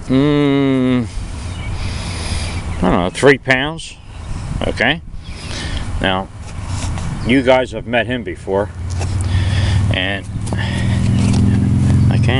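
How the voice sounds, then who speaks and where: A middle-aged man hosting a casual outdoor video in a windy rural yard, talking in a folksy, jokey, animated way. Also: mid-range voice, slow pace, pauses often. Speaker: video host. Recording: outdoor wind noise.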